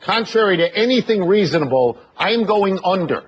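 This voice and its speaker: A man hosting a sports debate show with quick picks and wry asides. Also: high voice, expressive, breathy edge. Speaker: sports TV host. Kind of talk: brisk sports debate banter. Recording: muffled podcast audio with music underneath.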